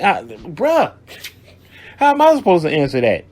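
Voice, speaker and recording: A man's voice: high-pitched, huge pitch swings, unhurried, a little mellow. Blunt, profane male radio host. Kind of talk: casual call-in advice monologue.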